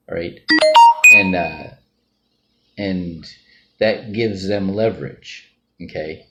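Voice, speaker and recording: Man, very low voice, casual rambling monologue, keeps asking right?. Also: fairly even intonation, slow pace, long pauses, lo-fi sound, over music. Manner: rambling, tags sentences with "right?" and "all right?". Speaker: financial group member sharing views.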